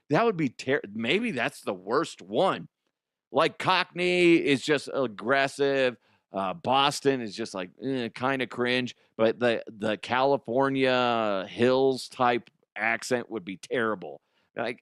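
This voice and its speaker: A man's voice: mid-range voice, animated, takes it slowly, a bit bright, clear, resonant tone, no room sound, studio quality. A man hosting a comedy podcast, rambling through a crude monologue, giggling and swearing.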